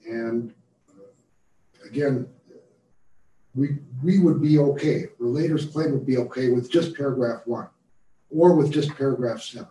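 A man, an attorney, giving a formal appellate oral argument in measured, careful legal reasoning. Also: medium pitch, warm tone, reverberant, distant mic, slight background noise, poor audio. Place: courtroom.

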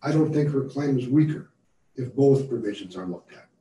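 A man presents his case to an appeals court in a measured, formal way. His voice is very dark and mellow, picked up from a distance in a roomy courtroom with a faint hum of noise behind him. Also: mid-range voice, animated. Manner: measured, formal legal reasoning. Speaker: attorney for the appellant. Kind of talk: appellate oral argument.

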